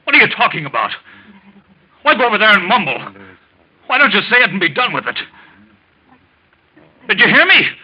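An actor playing a frightened, bedridden husband in an old radio drama, weak and anxious, with bursts of shouting panic. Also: male voice, mid-range voice, lively intonation, moderate pace, husky, no echo. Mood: furious. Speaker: patient. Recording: dull old radio recording.

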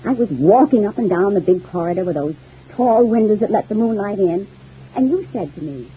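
An actress playing a clingy, lovesick young widow in a 1940s radio soap, talking in a gushing, wistful and intense way. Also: female voice, medium pitch, expressive, fairly quick, a little hiss or hum, lightly acted. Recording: tinny old radio broadcast.

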